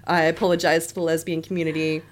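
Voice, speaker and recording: A woman's voice: low-pitched, flat delivery, quick pace. A woman co-hosting a podcast in casual chat, joking about herself, apologizing often and giggling between lines. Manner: self-deprecating, apologetic, giggly. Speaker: podcast co-host.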